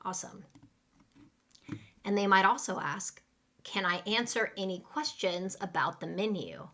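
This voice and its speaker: A woman teaching a live online English class. She talks patiently and clearly, acting out a server's lines and pausing so students can repeat them. Her voice sits at an ordinary middle pitch. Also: animated, fairly bright tone.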